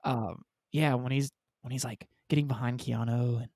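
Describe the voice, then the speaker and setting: Gravelly animated podcast host, man. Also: mid-range voice, no echo, studio quality. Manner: animated, laughing, does quick movie impressions. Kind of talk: casual chat.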